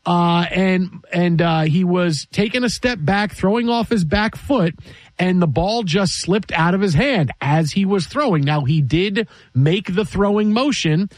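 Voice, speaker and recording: Male radio host, high voice, animated sports chat, dry booth sound. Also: no echo. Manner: animated, jokey, quick restarts.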